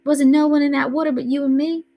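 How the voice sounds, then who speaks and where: A woman's voice: high-pitched, steady tone, fast, muffled recording, a little hiss or hum, voice pushed up. A woman reading aloud voices a tough, bossy teenage older brother who scolds in a streetwise way. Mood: scolding.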